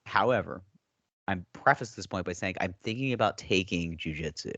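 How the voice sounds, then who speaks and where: A man's voice: sits low, animated, normal speed, a bit bright, no echo, dull audio. A young man co-hosting a podcast, telling rambling stories and acting out what people said. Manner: rambling storyteller, acts out quotes. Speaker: podcast co-host. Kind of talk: casual chat.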